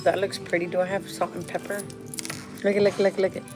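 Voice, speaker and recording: A woman's voice: on the low side, little pitch movement, fairly quick, over music. A woman vlogger talking casually and rambling, with frequent restarts, laughing often and dropping in Spanish phrases, in a restaurant. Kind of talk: casual vlog chat.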